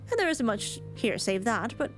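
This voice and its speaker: A woman's voice: a little high, sing-song, normal speed, faint music behind. A woman voicing a friendly island villager who welcomes a visitor, reading the dialogue aloud. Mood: welcoming.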